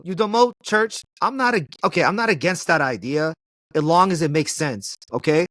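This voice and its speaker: Animated, slangy man with a higher voice. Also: moderate pace, no echo, studio quality. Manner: animated, slangy, laughs often. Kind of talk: casual movie chat.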